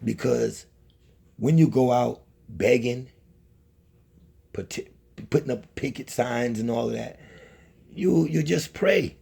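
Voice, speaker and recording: A man's voice: mid-range voice, slow pace, gravelly, long pauses, warm tone, slightly rough. A man delivering a scolding, preachy monologue to camera, repeating himself as he lectures. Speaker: channel host.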